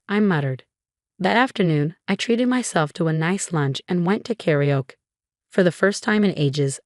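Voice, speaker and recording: Woman narrator for a first-person story; wry, low-pitched, dry close sound. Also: darkish tone, dry recording. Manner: wry, amused.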